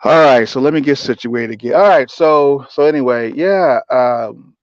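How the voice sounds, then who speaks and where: A man speaking softly and haltingly as he shares personal memories in a reflective talk, emotional and tearful at times. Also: medium pitch, dry recording, dull audio. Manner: soft-spoken, halting, emotional. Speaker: advocate sharing personal memories. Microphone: personal mic.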